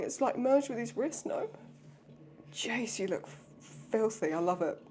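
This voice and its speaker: A woman's voice: medium pitch, lively intonation, unhurried, a little mellow, a little hiss or hum. A young adult woman with a cold, reacting to a TV episode in emotional, exclamatory commentary with frequent swearing. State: sick with a cold. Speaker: reaction video host.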